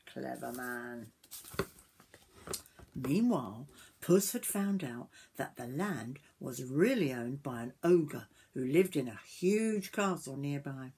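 An older woman reading a picture book aloud to children, gentle and stopping to point at the pictures. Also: extremely low pitch, expressive, slow pace, husky. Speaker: storyteller grandmother.

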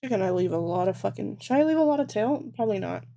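A woman's voice: medium pitch, animated, fast, gravelly, mellow. A woman live-streaming as she crochets, thinking aloud, swearing a lot and mocking herself. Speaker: livestreamer. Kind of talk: casual live-stream chat while crocheting.

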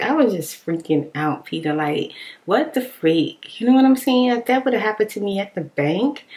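Chatty woman rambling to viewers. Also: lowish voice. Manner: chatty and expressive, laughs often, drops at times into a whisper; informal, animated storytelling. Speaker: ASMR vlogger. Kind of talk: casual rambling chat reading viewer comments.

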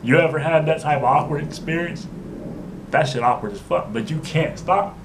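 A man's voice: fairly high pitch, moderate pace, noisy background. A man telling a casual storytime to camera, rambling and stumbling, constantly asking "you know what I'm saying" and restarting his sentences. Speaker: vlogger.

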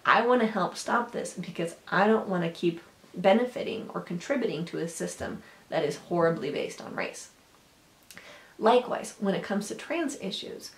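A woman's voice: mid-range voice, echoey room. A woman educator giving an earnest workshop talk, acting out the people she quotes. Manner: earnest, acts out quoted voices.

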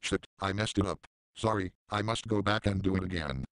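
Deadpan sarcastic man, very deep voice. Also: fairly quick, no echo. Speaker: commentary channel host. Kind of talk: mocking commentary.

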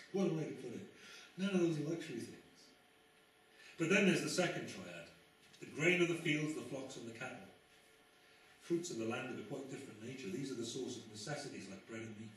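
A man's voice: medium pitch, expressive, fairly quick, a bit bright. Man preaching in a very echoey church. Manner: conversational preaching with wry asides and emphatic rises. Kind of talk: sermon. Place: church sanctuary. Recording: very echoey church, mic far off.

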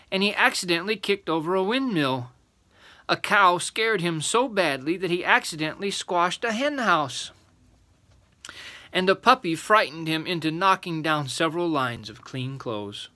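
Bright, lively older storyteller man. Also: fairly high pitch. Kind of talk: children's bedtime story reading.

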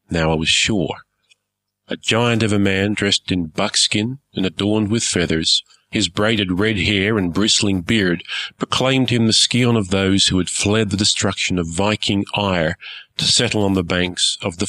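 A man reading a first-person story aloud in a measured, formal storytelling manner. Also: low voice, bright, forceful tone, no echo, poor audio. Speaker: story narrator.

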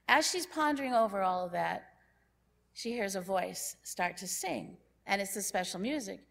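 A woman's voice: mid-range voice, moderate pace, vocal fry. Woman telling a story from the pulpit. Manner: lively storyteller who acts out characters' lines. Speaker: church speaker. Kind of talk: storytelling sermon. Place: church sanctuary.

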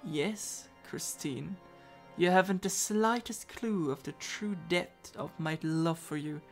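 A woman voicing a brooding, possessive masked man in a game story, speaking low, hushed and intense. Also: slow pace, faint music behind.

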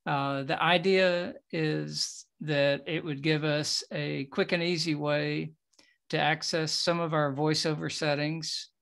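A man giving a relaxed, step-by-step phone demonstration for a group. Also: a little high, takes it slowly, vocal fry. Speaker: presenter giving a tip demo.

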